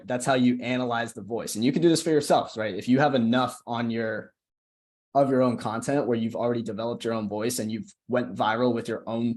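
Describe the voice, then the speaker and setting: A man's voice: mid-range voice, a little mellow. A young man casually walking a group call through a screen-share tutorial, often checking in with "right?". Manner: casual, chatty, keeps asking "right?". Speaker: social media coach.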